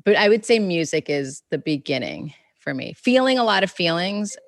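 Woman, children's author guest, low voice, rambling casual speech, close dry sound. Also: very animated, moderate pace, no echo. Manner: rambling, full of "like" and "you know"; reenacts conversations in quotes. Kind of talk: casual interview chat.

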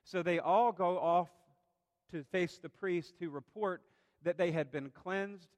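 Man preaching in an echoing hall. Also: sits high. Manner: earnest storytelling, slows for emphasis. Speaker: pastor. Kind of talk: sermon. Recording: long hall reverb.

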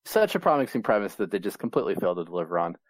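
A man co-hosts a podcast and critiques an episode with animated emphasis. His pitch moves all over the place. The sound is dry and close. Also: racing, slightly rough, no room sound. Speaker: podcast co-host. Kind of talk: casual critique.

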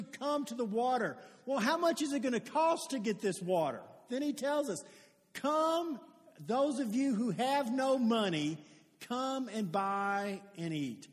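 Man, pastor giving a conversational sermon, very high voice, long church reverb. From Louisville, Kentucky. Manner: conversational, builds to loud emphatic calls. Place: church sanctuary.

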